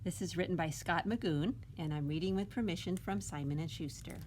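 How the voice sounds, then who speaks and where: A woman's voice: fairly low pitch, a little fast, darkish tone, a little hiss or hum. A woman reading a picture book aloud at a library storytime, asking the children questions and adding coaxing "huh?" tags.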